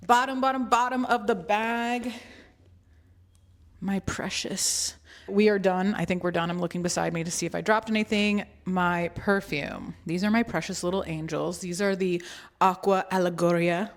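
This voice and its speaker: Chatty woman vlogger, slightly low voice. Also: moderate pace. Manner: playful and chatty, with joking asides. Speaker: beauty and travel vlogger. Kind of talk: casual chatty product walkthrough.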